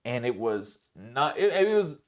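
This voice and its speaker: A man's voice: mid-range voice, sing-song, a little slow. A young man co-hosting a podcast, telling rambling, profane stories in casual chat and leaning on filler words.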